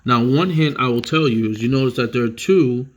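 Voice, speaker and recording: Man teaching a vocabulary lesson. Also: brisk. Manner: reads each headword louder and higher, then drops to explain; casual, with fillers and self-corrections. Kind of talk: vocabulary lesson, reading definitions aloud.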